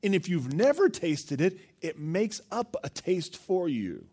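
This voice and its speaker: A male pastor preaches with a fairly high voice. His pitch swings widely as he talks. He tells stories with animation and keeps asking the congregation questions. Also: unhurried. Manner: animated storytelling, acts out quotes, asks the listeners questions. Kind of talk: sermon.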